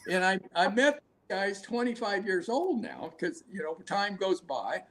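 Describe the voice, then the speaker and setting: An older man spinning a rambling hunting yarn, his voice sitting high. He restarts sentences often and laughs at his own stories. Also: sing-song, measured pace, fairly bright tone. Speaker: hunting guide, guest. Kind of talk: casual storytelling interview.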